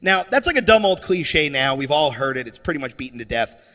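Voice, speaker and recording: Stand-up comic, man, high and very animated delivery. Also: brisk, big-room sound. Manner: animated, shifts into mocking voices for characters. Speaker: stand-up comedian. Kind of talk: stand-up set. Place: comedy stage before a live audience.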